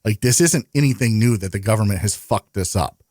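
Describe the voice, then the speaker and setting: A man's voice: fairly low pitch, a little fast, mellow, no echo, clean studio sound. A man ranting and telling profane stories as a guest in casual podcast banter.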